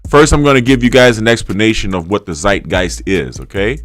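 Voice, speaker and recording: A man with a New Orleans drawl talks through a casual livestream in a somewhat low voice. He lectures, repeats himself and keeps checking that the audience is with him. A faint funky beat plays quietly behind him. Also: animated, brisk, hardly any pauses. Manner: repetitive, lecturing, keeps checking in with "right?" and "okay?". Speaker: livestream host. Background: faint funky music beat.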